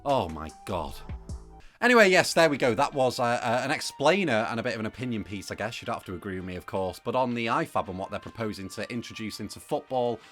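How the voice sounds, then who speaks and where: A man's voice: medium pitch, lively intonation, quick pace, a bit bright, faint music behind. A young man presenting a football opinion piece to camera, talking casually with plenty of fillers. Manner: conversational, opinionated, with frequent fillers.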